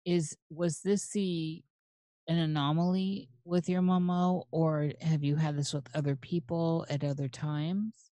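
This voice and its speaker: A woman's voice: low-pitched, fairly even intonation, measured pace, dark tone, no room sound. A woman hosting an interview, asking curious questions and laughing along. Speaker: podcast host. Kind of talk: conversational interview.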